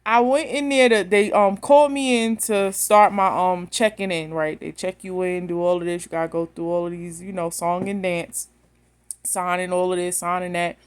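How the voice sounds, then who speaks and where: A woman's voice: fairly low pitch, steady tone, moderate pace, clear, resonant tone. A woman, telling a story bluntly and with animation straight to her phone camera. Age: 30s. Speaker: vlogger.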